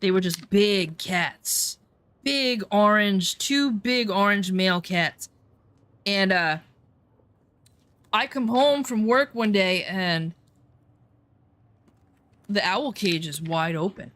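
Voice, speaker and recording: A woman telling rambling, animated anecdotes in a casual chat, full of swearing. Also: mid-range voice, slow, long pauses, no echo. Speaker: storyteller.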